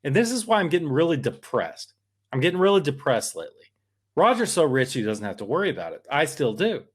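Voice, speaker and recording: A man co-hosts a casual political podcast in a fairly high, sing-song voice with a breathy edge and quick pace. He talks in a worked-up, emphatic and rambling way.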